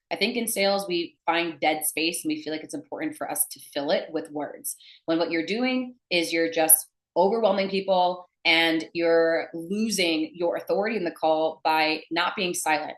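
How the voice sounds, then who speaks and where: A young adult woman teaching sales to camera in an emphatic, blunt manner. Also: low voice. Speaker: sales coach. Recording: echoey room.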